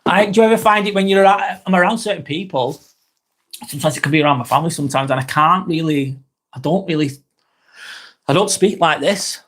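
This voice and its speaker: A man's voice: fairly high pitch, fairly quick, a bit bright. A British man hosting a live vlog, chatting casually and reading out viewer comments, rambling onto tangents and swearing freely. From Britain.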